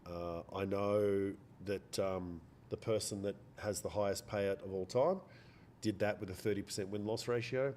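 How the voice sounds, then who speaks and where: A man's voice: fairly low pitch, fairly even intonation, moderate pace, a little mellow, slight background noise. A man hosting a live trading stream, chatting casually, repeating phrases and answering viewers by name. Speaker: day trading livestream host.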